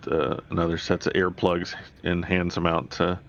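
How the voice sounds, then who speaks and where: A man's voice: low voice, level tone, normal speed, lo-fi sound, a little hiss or hum. A man playing a tabletop game, plain and matter-of-fact. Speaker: player. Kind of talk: casual tabletop play.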